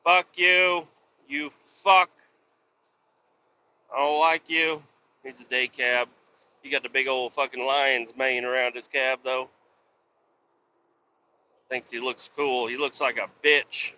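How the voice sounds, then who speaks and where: A man talking while driving his truck, cursing and ranting at other drivers on the highway. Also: pushed and bright, lo-fi sound, a little hiss or hum. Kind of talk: casual driving vlog. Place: inside a truck cab on the highway.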